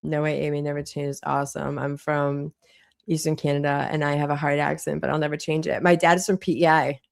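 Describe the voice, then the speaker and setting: A woman with a thick Boston accent and a low voice roughened by vocal fry. She hosts a live stream in a chatty, rambling way, reading out viewer comments and restarting her sentences as she goes. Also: little pitch movement, brisk. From Boston area, US. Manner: chatty, reads chat aloud, frequent restarts. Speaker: livestream host. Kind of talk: casual live chat with viewers.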